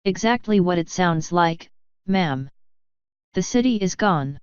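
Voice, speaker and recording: A woman reading the part of a calm, formal male guard sergeant pony. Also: fairly low pitch, unhurried, smooth, dry recording, dull audio. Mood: solemn.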